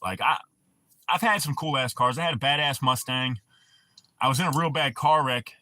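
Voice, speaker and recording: A man's voice: mid-range voice, moderate pace, pushed and bright. A man hosting a livestream, telling profane, rambling stories in casual talk and answering his chat. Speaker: livestream host.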